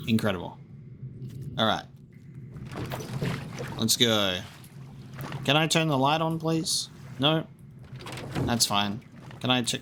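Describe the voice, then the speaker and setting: Over a noisy background, a man with a mid-range voice streams a video game, offering casual, joking commentary. He chats to himself as he plays.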